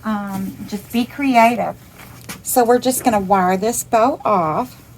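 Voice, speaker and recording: A woman's voice: mid-range voice, slow, a little hiss or hum, poor audio. A woman giving a step-by-step craft demonstration, chatty and upbeat as she works through each step. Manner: chatty, upbeat, calls things cute. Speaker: craft instructor.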